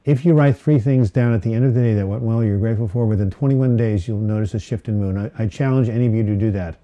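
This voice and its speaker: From a home setting in Portland, a man hosts a live mental health Q&A, reading out viewers' questions in a fairly low, warm voice. He speaks fast and rambles with plenty of fillers and false starts, and the sound is lo-fi.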